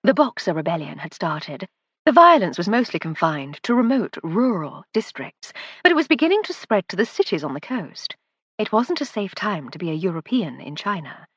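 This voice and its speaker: Woman narrator, husky, low, dry close recording, measured storytelling. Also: very animated, a bit bright, no echo. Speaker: audiobook narrator. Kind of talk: scripted first-person narration.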